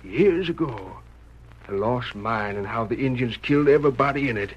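An actor playing a gruff, wary frontier settler with an ominous rural drawl, in 1940s radio acting. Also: male voice, mid-range voice, animated, moderate pace, muffled recording.

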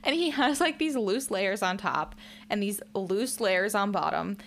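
A woman co-hosting a casual recap podcast, animated and quick to act out lines in silly voices. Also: mid-range voice. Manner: animated, acts out lines in voices, swears freely. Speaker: podcast co-host.

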